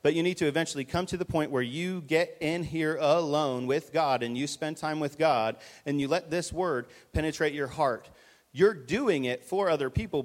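A man preaching a conversational, urgent sermon, directing volunteers on stage. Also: on the high side. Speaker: pastor. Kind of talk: live sermon with stage illustration. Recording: reverberant church hall.

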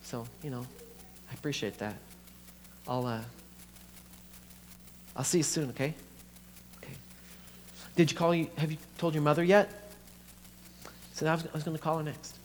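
A man voicing a frightened young man facing serious illness, halting and stammering, in an echoey hall with a faint hum. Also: fairly high pitch, steady tone, lightly acted. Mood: subdued.

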